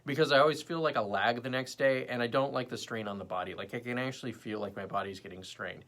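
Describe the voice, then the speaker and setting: A man's voice: mid-range voice, fast. A young man hosting a casual livestream, rambling between topics and chatting with viewers in the comments. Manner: rambling, animated, jumps between topics and chat. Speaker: livestream host.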